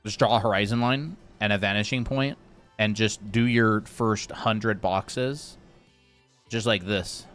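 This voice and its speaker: A man teaching art on a casual live stream, relaxed and chatty, with fillers and asides to his viewers. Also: lowish voice, a little slow, faint music behind. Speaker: art instructor.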